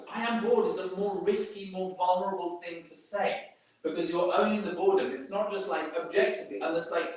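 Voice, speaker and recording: At a fairly high pitch and normal speed, a man gives a loose, informal talk to coworkers, stumbling through fillers and restarts. He's far from the microphone in a very echoey room.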